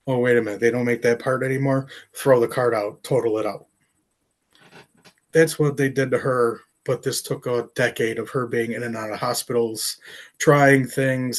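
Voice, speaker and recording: A middle-aged man speaks in an interview at an ordinary pitch, earnest and openly emotional. He pauses often and fills gaps with fillers as he recounts something painful. His delivery is plain and unscripted. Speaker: artist and professor. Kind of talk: personal storytelling interview.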